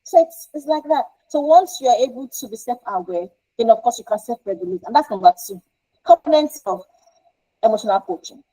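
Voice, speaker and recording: A woman's voice: on the high side, animated, fairly quick, warm tone, rough recording. A woman counsellor teaching a parenting lesson, explaining with rhetorical questions and short acted examples.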